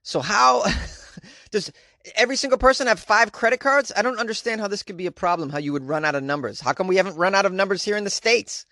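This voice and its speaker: Boston guy joking around and riffing on news, kinda high voice, no room sound at all. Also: fast, sharp tone, no room sound, clean studio sound. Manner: rambling, joking, incredulous. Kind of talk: comedic commentary.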